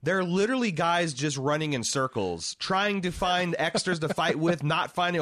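A man's voice: on the high side, very animated, a little slow, hardly any pauses, a bit bright, dry recording. A man co-hosting a podcast, chatting casually about a movie, joking and swearing freely with lots of restarts. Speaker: podcast co-host.

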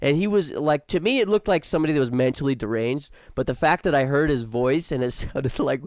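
A man hosting a podcast, telling a story in a relaxed, slangy casual chat. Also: medium pitch, brisk, dry recording, studio quality. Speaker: podcast host.

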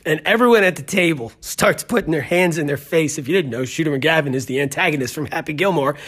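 A man's voice: fairly high pitch, fast, a bit bright, breathy edge. A man hosting a podcast, telling a story in a rambling, joking way full of tangents. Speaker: podcast host. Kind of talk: casual storytelling.

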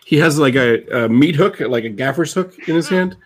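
A man running a tabletop game as game master, laid-back and quick to laugh, on a video call. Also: a little high, expressive. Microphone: video call mic.

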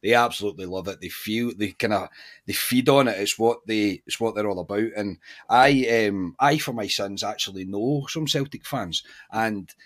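A man with a Scottish accent hosting a football podcast, chatting casually in an animated, incredulous way with many restarts. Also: on the low side, moderate pace. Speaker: podcast host.

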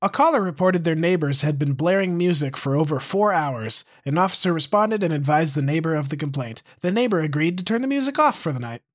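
Male co-host, high voice, reads police blotter with jokes. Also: expressive, brisk, hardly any pauses. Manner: reads reports then jokes about them. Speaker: podcast co-host reading police reports. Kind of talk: casual chat, reading police blotter aloud.

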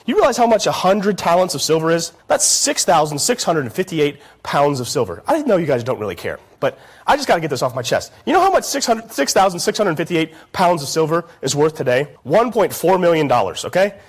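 High-voiced chatty male preacher. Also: big pitch swings, brisk, slightly rough. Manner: chatty, storytelling, asks the congregation "right?". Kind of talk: sermon. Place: church.

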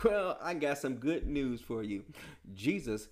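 A man's voice: mid-range voice, big pitch swings, measured pace, darkish tone. A man preaching a sermon in a casual, slangy style, full of rhetorical questions.

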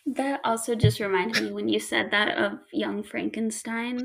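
A woman's voice: on the high side, fairly even intonation, moderate pace, gravelly, slight background noise. A woman telling stories in casual chat, laughing often as she talks.

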